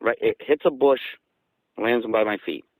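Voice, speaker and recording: A man from southeastern Massachusetts, a guest casually recounting events in an animated way and acting out the dialogue. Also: on the low side, a little slow, no room sound, rough recording. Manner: animated, acts out quoted dialogue. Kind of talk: casual storytelling.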